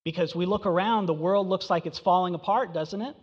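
A man's voice: high voice, brisk, breathy edge, big-room sound, lo-fi sound. A man preaching a sermon as pastor in a conversational, emphatic style with rhetorical questions.

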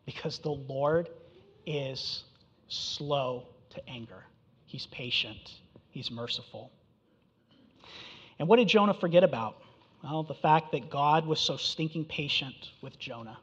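Man preaching, fairly high voice, emphatic and conversational, long hall echo, dull recording. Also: slightly rough. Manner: conversational, emphatic, rhetorical questions. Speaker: pastor. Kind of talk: sermon.

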